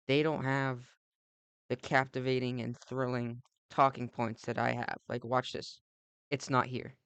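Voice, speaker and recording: A young let's play host with a gravelly, fry-heavy voice delivers an ironic, profanity-laced comedic monologue over gameplay, full of fillers and tangents. His voice is medium-pitched, and the recording is dry and close with no room around it.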